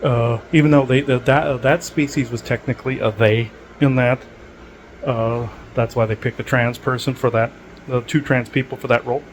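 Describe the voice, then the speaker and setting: A man's voice: medium pitch, steady tone, moderate pace, a little hiss or hum, rough recording. A man hosting a podcast, talking in a loose, digressive monologue with many filler words and restarts. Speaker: podcast host. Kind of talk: rambling casual monologue.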